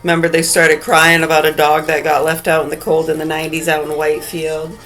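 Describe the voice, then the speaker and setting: Furious cursing woman, lowish voice. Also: monotone, a little fast, soft background music, rough recording. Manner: furious, cursing, swings from low mutters to shouted outbursts. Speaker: mother ranting to camera. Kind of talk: angry profane rant vlog.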